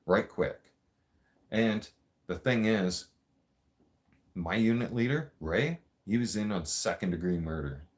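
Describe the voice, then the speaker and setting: A man with a very low voice tells stories in loose, casual chat. He talks bluntly, swears freely and laughs as he goes, like a podcast host riffing with no script. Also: slow, long pauses. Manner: blunt, profanity-heavy, laughs often. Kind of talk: casual storytelling.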